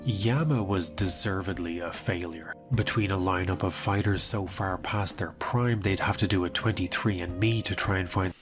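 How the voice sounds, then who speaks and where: A man narrates a scripted video essay in a dry, sardonic tone. His voice is very deep, and steady music plays clearly beneath him. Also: moderate pace, hardly any pauses. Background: music bed.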